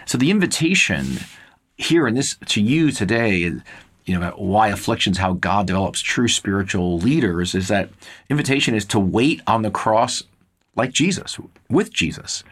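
A man preaching a Bible teaching in an earnest, measured way, repeating words and pausing with filler uhs. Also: lowish voice, lively intonation. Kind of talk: sermon-style Bible teaching.

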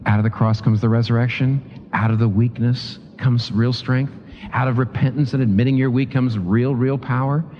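A man preaching a sermon in a lively, emphatic, conversational way, often restarting sentences and pushing his pitch up on key points. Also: normal speed. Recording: dull lo-fi sound with long hall reverb.

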